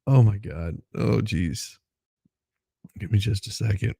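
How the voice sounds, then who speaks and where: Gravelly, slow-talking man. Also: lowish voice, warm tone, dry recording. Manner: laughs often, greets chat viewers by name. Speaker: livestream host. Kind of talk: casual morning livestream chat.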